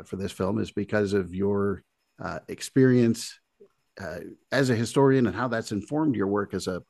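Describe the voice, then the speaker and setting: A man's voice: on the low side, dry recording. A middle-aged man co-hosting a podcast, chatting casually with many fillers and reading a scene aloud. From Wisconsin. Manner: relaxed, hesitant with many fillers, joking. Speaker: podcast co-host. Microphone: video call.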